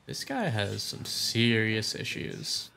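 A man's voice: fairly low pitch, very animated, takes it slowly, creaky, bright, forceful tone. A young man giving casual let's-play commentary, reacting with crude, sarcastic jokes. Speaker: gaming voice-over streamer.

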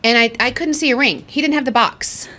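Give me a lively woman co-hosting a chat podcast, with a bright, forward tone. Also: high-pitched, brisk. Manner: animated storyteller, acts out quotes. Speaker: podcast co-host. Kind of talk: casual chat.

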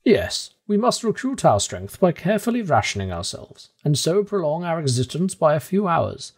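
A man's voice: on the high side, sing-song, moderate pace, slightly rough, voice pushed up, full character voice. A man reading as a stern, firm old professor. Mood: firm, resolute. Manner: firm, lecturing. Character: stern determined older male professor. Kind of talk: audiobook character voice.

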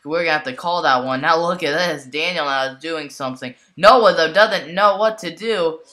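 A woman giving excitable mock play-by-play commentary on a toy wrestling match, exclaiming constantly and calling out to the folks. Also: low voice, normal speed.

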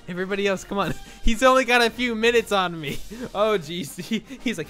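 A man giving excitable gameplay commentary as a gaming YouTuber, laughing constantly and breaking into sudden shouts. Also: high-pitched, brisk, faint music behind.

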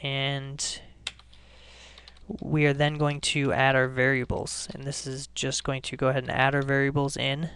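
A man hosting a screencast programming lesson, explaining each step in a relaxed way and often restarting his sentences. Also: mid-range voice, unhurried, clear, resonant tone. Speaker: coding tutorial host.

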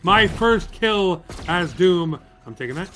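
A man giving casual, joking commentary while playing a video game, with excitable outbursts. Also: sits high, slow pace, soft background music. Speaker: gaming streamer.

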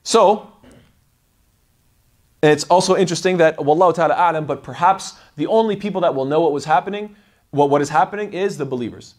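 A man giving an explanatory religious lecture as a Quran teacher, animated and acting out the voices he quotes. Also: a little high, brisk.

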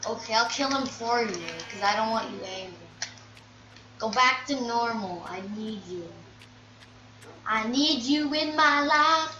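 A woman's voice: on the high side, sharp tone, a little hiss or hum. A woman giving casual let's-play commentary, chatty, grumbling at the game and scolding the animals on screen. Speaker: gameplay commentator. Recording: dull, echoey, distant mic with game music. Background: game music.

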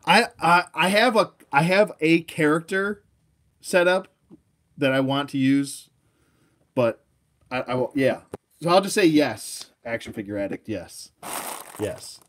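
Excitable male toy collector, chatty. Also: on the high side, measured pace, pauses often. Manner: excitable, laughs often, rambling with fillers. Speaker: toy collector streaming live. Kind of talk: casual live unboxing chat.

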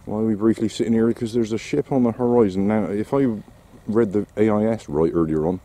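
A man's voice: fairly low pitch, fast talker, mellow. A man giving casual vlog commentary outdoors while walking his dog, full of wry, sarcastic asides. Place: outdoors on a seaside quay.

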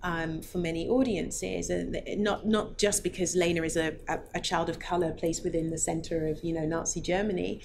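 A woman film director speaks in a junket interview. Her voice sits a little low and carries a steady gravelly fry. She circles her points with hesitant starts and restarts, weighing each phrase. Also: background noise. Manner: thoughtful, halting, many restarts.

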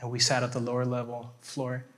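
A male pastor telling a story in a sermon, animated and checking in with his listeners as he goes. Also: medium pitch, brisk. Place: chapel hall. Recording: long hall reverb.

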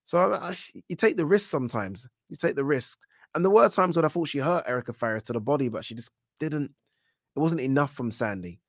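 A man hosting a live stream, chatting about boxing and reading out viewer comments, animated and swearing now and then. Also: on the high side, brisk, dry recording, clean studio sound. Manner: animated, swears when worked up, many fillers. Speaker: boxing talk show host.

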